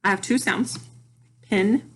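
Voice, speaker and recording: A woman teaching a phonics lesson to young children, speaking patiently and deliberately as she sounds out words and syllables. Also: mid-range voice, slightly rough.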